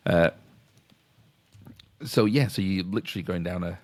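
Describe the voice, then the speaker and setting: Middle-aged man, Yorkshire accent, lowish voice, rambling casual podcast talk, dry close sound. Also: normal speed, dry recording. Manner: rambling, self-interrupting, chuckling explainer. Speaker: podcast co-host. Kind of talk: casual chat.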